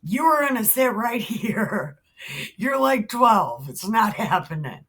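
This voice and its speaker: A stern king , played by a woman, brushing off a boy with casual, flat refusal. Her husky voice lifts a little and moves slowly through each no. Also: fairly high pitch, exaggerated voice. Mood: dismissive. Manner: flatly dismissive, casual. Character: dismissive stern male king.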